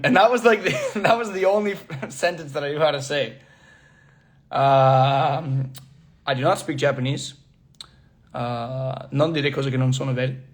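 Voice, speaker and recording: A man's voice: a little high, measured pace. Laughing young man chatting on a livestream. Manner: laughs often, reads comments aloud, switches between languages. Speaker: actor answering fans. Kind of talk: casual livestream chat.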